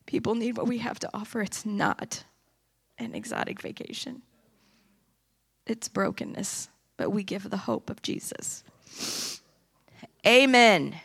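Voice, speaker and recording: A woman's voice: mid-range voice, animated, unhurried, gravelly, long pauses, fairly bright tone, husky. A woman giving an impassioned sermon testimony in a church, rising into emphatic preaching. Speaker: church speaker. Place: church sanctuary.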